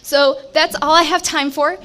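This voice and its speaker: A woman giving a short timed talk on stage to an audience, speaking in a brisk, conversational and encouraging way. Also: high voice, fairly even intonation, sharp tone. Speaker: presenter at a community speaking event. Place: bistro event stage with an audience.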